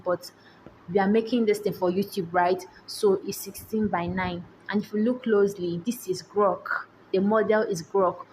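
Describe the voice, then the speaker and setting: A woman, hosting a screen-recorded software tutorial and often checking in with rhetorical questions. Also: medium pitch, a little hiss or hum, rough recording. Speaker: tutorial host. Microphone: voice-over on screen recording.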